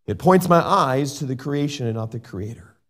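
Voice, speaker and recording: A middle-aged man preaching a sermon and reading scripture in an earnest way. He shifts between loud emphasis and soft asides. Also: medium pitch, expressive, normal speed. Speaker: pastor.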